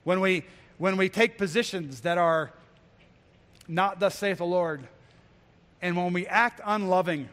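A man's voice: sits high, unhurried, pauses often, fairly bright tone. A man preaching a sermon as a pastor, earnest and exhortative, with frequent restarts and emphatic repetition. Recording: long hall reverb.

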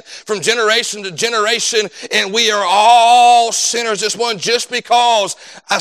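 A man preaching a sermon as pastor, swinging from loud emphatic lines to low hushed ones in a preaching cadence.

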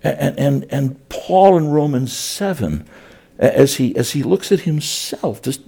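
A middle-aged pastor preaching in a slow, unhurried cadence. His voice is low, dark and mellow, with a husky edge, and he talks earnestly, often repeating words as he builds each point. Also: lively intonation. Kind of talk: sermon.

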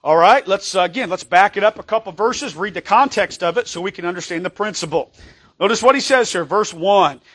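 A man preaching a sermon as pastor, emphatic and conversational, often asking the congregation for an amen and reading scripture slowly. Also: high-pitched, expressive, a bit bright. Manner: emphatic, calls for amens, reads scripture slowly.

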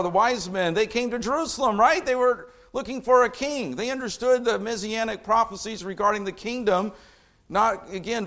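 A middle-aged man delivers a sermon with a somewhat raised pitch. He reads scripture low and measured, then climbs into impassioned, fired-up stretches before settling down again. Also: fairly bright tone. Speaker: preacher.

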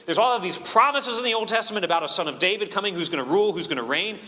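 A man's voice: sits high, lively intonation, very fast, bright, forceful tone. A man preaching a sermon as pastor, emphatic and full of rhetorical questions. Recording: long reverb of a church hall.

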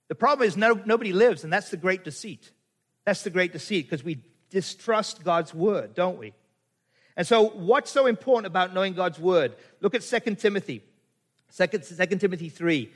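A man's voice: sits high, animated, normal speed, a bit bright. A middle-aged man from Canada preaching a sermon, quoting scripture and asking his listeners rhetorical questions. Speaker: pastor.

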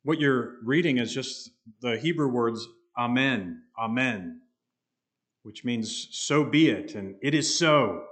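Male preacher, earnest, emphatic, slows to stress words, mid-pitched voice. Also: animated, a bit bright. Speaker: pastor. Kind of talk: expository sermon.

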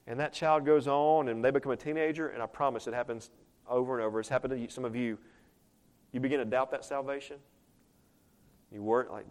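A man preaching a sermon as pastor, animated, acting out quoted voices and swinging between loud and soft. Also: medium pitch, fairly quick, long pauses.

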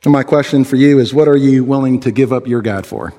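A man's voice: medium pitch, a little fast, mellow. A man preaching a sermon and leading prayer in an earnest way, often restarting his words and using fillers. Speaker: pastor. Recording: long hall reverb.

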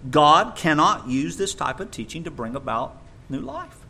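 A man preaching a sermon in an animated way, sometimes mocking others in a high voice. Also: normal speed, gravelly, slight background noise.

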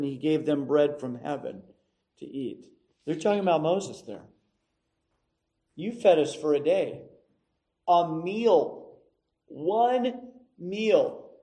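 A middle-aged man preaching a sermon, emphatic and measured, with dramatic pauses. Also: fairly high pitch, warm tone, poor audio. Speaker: pastor.

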